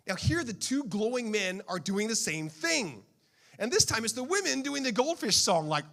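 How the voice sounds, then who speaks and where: A male pastor preaching a sermon in a playful, animated storytelling manner. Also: sits high, normal speed, gravelly.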